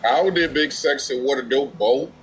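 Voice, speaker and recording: A man's voice: medium pitch, normal speed, slight background noise, low-quality recording. A man streaming live, chatting casually and thanking viewers by name for donations in loose slang. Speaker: streamer reacting to a video.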